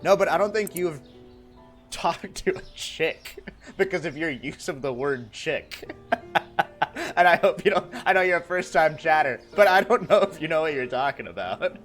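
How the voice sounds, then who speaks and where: A man's voice: on the high side, animated, normal speed, fairly bright tone, faint music behind. A man streaming live, chatting casually and reading out viewer messages, laughing often and teasing himself and his chat.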